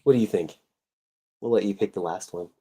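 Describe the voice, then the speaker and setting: A man's voice: deep voice, fairly quick, dark tone, husky. A man hosting a casual livestream, chatting and rambling while he draws. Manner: rambling, chatty, self-deprecating. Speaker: show host.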